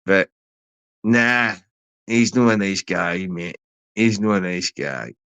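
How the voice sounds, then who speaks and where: A man's voice: low-pitched, lively intonation, takes it slowly, vocal fry, a bit bright, smooth, no echo. A man from Glasgow with a Glaswegian accent, ranting aggressively at a rival on a livestream, taunting and swearing. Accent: Scottish, Glaswegian. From Scotland. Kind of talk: confrontational livestream rant.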